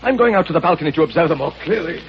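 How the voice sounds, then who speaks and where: A man's voice: fairly high pitch, expressive, racing, dull audio. An actor playing a domineering, pompous madman who rules a valley, in 1940s radio acting. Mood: bitter. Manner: pompous, ranting, self-righteous. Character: domineering mad male valley ruler. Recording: scratchy old radio broadcast with hiss.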